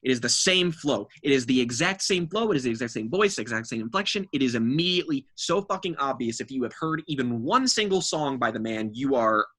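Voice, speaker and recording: Husky podcast host ranting about an album, swears a lot, voice swings way up and down, super exasperated. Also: medium pitch, bright, forceful tone. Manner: exasperated, profane, cutting.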